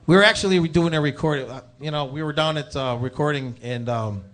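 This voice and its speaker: A man's voice: fairly high pitch, a little fast, a bit bright. A man, a guest from a band, talking casually with fillers about charity shows and stories. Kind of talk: casual interview talk.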